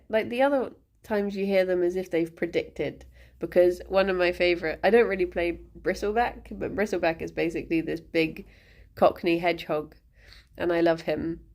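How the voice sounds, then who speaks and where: Woman streamer, casual rambling chat, slow and giggly. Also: fairly low pitch, darkish tone. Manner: rambling and giggly, laughing often.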